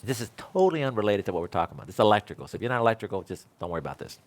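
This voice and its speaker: A man's voice: fairly low pitch, very animated, racing. A man in his sixties, an electrical code instructor, talking casually with fellow instructors in a rambling, self-deprecating way and laughing often.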